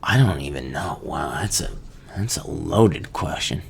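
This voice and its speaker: A man's voice: very deep voice, lively intonation, measured pace, creaky, breathy edge. A young man hosting a casual solo podcast, rambling and joking with laughs between his thoughts. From Kansas. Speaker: podcast host.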